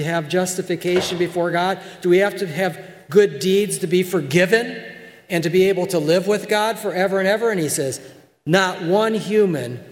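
A male pastor delivers a sermon in a high voice, working through the text with emphatic, explanatory points. He keeps checking in with the congregation as he goes. His voice rings with the long reverb of a church hall. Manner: explanatory, emphatic, frequent "okay?" check-ins.

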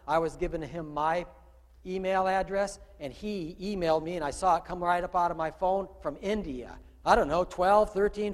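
High-voiced man preaching in a hall. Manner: conversational preaching, asks the congregation questions, swings from quiet to loud. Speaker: pastor. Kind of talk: sermon. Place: church room with a congregation.

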